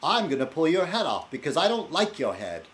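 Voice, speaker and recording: A man voicing a dissolute young Englishman in a rough put-on English accent, ranting theatrically and scornfully. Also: fairly high pitch, wildly swooping pitch, a little fast, a bit bright, pitched above the performer's own voice. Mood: mocking.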